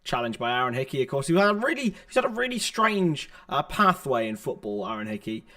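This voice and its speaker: A man's voice: medium pitch, brisk. Man giving live football play-by-play. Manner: steady running play-by-play, chatty asides to viewers. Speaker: livestream watchalong host. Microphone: laptop's built-in microphone.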